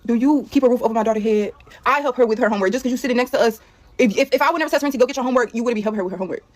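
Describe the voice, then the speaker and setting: A woman's voice: on the high side, rapid-fire. A young woman hosting a commentary channel, bluntly and confrontationally rebutting her husband's claims, cursing often. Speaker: channel host reacting to husband's clips. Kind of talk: heated argumentative commentary.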